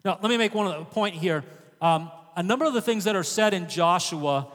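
A man's voice: high-pitched, brisk, a bit bright, big-room sound. A man preaching a sermon, reading scripture aloud and breaking off for casual asides. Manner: conversational asides between reading, occasional fillers and restarts. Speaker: pastor.

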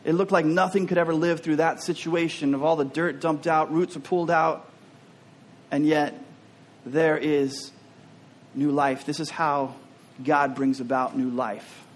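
A man's voice: a little high, fairly even intonation, a little slow. A man preaching a sermon as a pastor, talking in an earnest, openly personal way and often repeating words as he restarts.

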